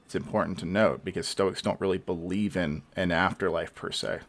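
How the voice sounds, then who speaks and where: A man hosts a reaction video in a slightly low voice. He muses aloud in a thoughtful, easygoing way and pauses often with hesitant fillers as he thinks. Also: steady tone, slight background noise. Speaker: host. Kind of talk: reaction commentary.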